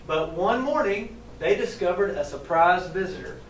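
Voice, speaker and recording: At normal speed, a teacher trainer with a high voice reads a picture book aloud, stopping to ask the children questions. He's animated and chuckles. The sound is echoey from a distant mic, with faint ambience and slight background noise.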